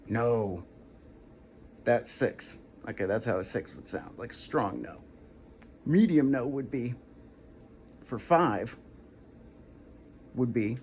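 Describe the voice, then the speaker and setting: A man's voice: medium pitch, a little hiss or hum. A man with a dry throat hosting a casual one-take tutorial video. He talks in a hesitant way, stopping and restarting as he explains things again. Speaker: video host.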